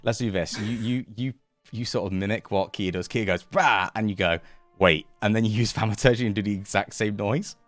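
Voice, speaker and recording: A man narrating as game master, animated, acting out sound effects and laughing often. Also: lowish voice, a little fast, dry recording, faint music behind.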